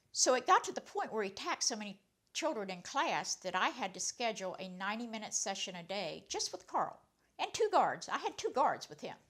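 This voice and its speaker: A woman who used to be a teacher, telling a personal story in an animated way, her loudness swinging widely. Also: mid-range voice. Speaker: former teacher.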